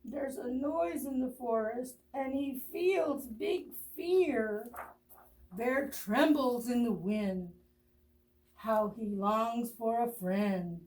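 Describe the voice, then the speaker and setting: A woman librarian reading a picture book aloud to children, with expressive pauses, gasps and friendly asides to her young listeners. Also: a little high, recorded from a distance. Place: library storytime video.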